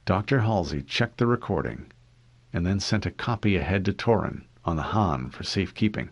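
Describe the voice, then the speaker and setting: Lively low-voiced male audiobook reader. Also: moderate pace, breathy edge, no echo. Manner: expressive reading with lively pitch. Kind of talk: fan audiobook narration.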